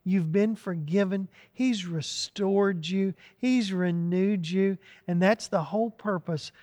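A male pastor with a fairly high voice delivers an earnest sermon. He sometimes sinks into a soft, contrite tone when voicing a prayer. His words ring out with the long reverb of a large church hall. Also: slow pace. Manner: earnest, acts out prayers in a hushed, broken voice.

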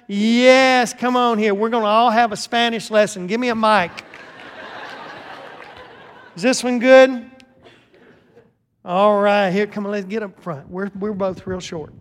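A man preaching as a pastor, lively and joking, calling out to his congregation through a handheld microphone in a church sanctuary. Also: sits high, smooth. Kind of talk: sermon with announcements. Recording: long church hall reverb.

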